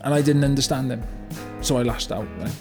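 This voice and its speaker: An actor playing a remorseful older British business owner in a comedy monologue, with a rambling delivery full of "you know" and "right?". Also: male voice, medium pitch, fairly even intonation, brisk, over music, natural voice. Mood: rueful. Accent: British English. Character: remorseful older male car yard owner, blunt. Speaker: business owner telling a story. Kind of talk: mock-documentary comedy monologue.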